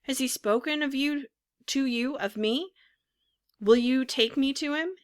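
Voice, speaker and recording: A woman's voice: medium pitch, unhurried, bright, forceful tone, clean tone, dry recording, clean studio sound. A woman voicing a grieving, impulsive wooden puppet boy who wails and pleads. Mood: eager, anxious. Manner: wailing, pleading.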